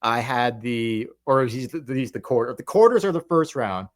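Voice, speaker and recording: A man co-hosting a sports podcast, talking in an animated, laughing way. His voice sits at an ordinary middle pitch. He keeps it casual and conversational throughout. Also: normal speed. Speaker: podcast co-host.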